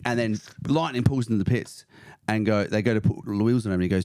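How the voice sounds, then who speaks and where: A man on a podcast excitedly retelling a film's plot, swearing freely and often breaking into laughter. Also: on the low side, fast, dry recording, studio quality. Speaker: podcast guest. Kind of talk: casual chat, retelling a film plot.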